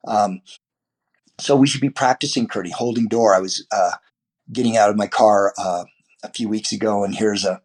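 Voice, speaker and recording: A man's voice: lowish voice, steady tone, moderate pace, darkish tone. A man, a martial arts teacher, talking as a podcast guest in a loose, rambling way with many restarts and fillers. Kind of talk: podcast interview guest, casual talk.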